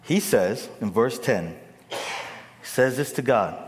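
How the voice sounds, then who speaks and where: A male preacher delivers an animated sermon, his pitch rising and falling widely. He calls on the crowd to answer him. His voice rings with long reverb in a large hall. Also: slow pace, pauses often. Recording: echoey hall.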